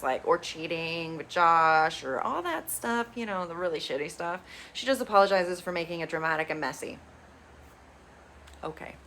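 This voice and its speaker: A woman's voice: fairly low pitch, fairly bright tone, a little hiss or hum. A woman casually recapping reality TV episodes, blunt and sarcastic, swearing freely. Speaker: reality TV reviewer.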